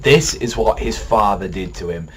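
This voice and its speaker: A man's voice: on the low side, normal speed. A young man casually reviewing a manga chapter in a rambling, profane, worked-up way.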